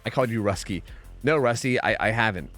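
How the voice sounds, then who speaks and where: A man's voice: fairly low pitch, fairly quick, fairly bright tone, faint music behind. A man streaming a game, chatting casually with viewers, rambling and swearing, saying dude a lot. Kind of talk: casual chat with chat while gaming.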